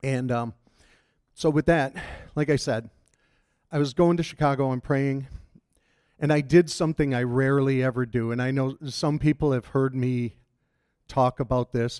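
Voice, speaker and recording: A man preaching a sermon as pastor, talking in a conversational, halting way with frequent restarts. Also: mid-range voice, fairly even intonation, darkish tone, clear, resonant tone, no room sound, clean studio sound.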